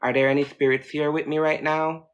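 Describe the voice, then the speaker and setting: A fairly high-voiced man livestreaming a spooky ritual and talking straight to his viewers. He sounds jittery and chatty, swearing casually as he goes. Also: little pitch movement, brisk, dull audio.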